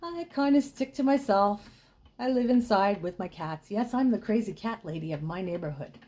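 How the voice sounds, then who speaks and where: A woman casually telling a gruesome true ghost story, dropping to a hush for the grisly details. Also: mid-range voice, lively intonation, moderate pace. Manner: chatty with dramatic hushed dips.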